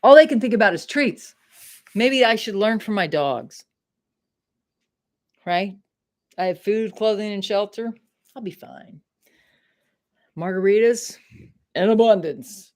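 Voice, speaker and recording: This middle-aged livestream host from Maine speaks at medium pitch with lively intonation, a measured pace, and long pauses. Broadcasting casually from home, she talks directly to chat and swears freely out of frustration.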